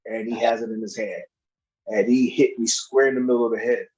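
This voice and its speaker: A man telling stories in a loose, lively way, jumping into raised voices when he quotes people. He laughs a lot as he goes. The recording sounds a little dull and lo-fi. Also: mid-range voice, a little fast. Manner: animated storyteller, acts out others' lines in raised voices, laughs often. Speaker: podcast guest. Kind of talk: casual storytelling.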